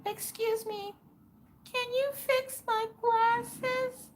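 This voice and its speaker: A woman's voice: steady tone, heavily acted. A woman putting on a sweet little girl's plea. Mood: pleading. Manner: slow, soft, high and pleading. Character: small girl, sweet and pleading.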